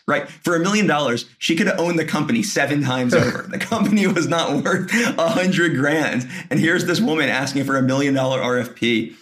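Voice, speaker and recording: A man who founded a media company, a guest on a podcast in casual business chat, talking quickly and leaning on "right?" and "like". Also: on the high side, a bit bright. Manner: talks fast, leans on "right?" and "like".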